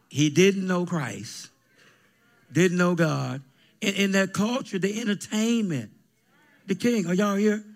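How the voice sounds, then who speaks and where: Gravelly preacher calling out to his church. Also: fairly high pitch. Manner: preaching with call-and-response, bursts of shouting. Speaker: pastor. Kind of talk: sermon. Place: church sanctuary with congregation.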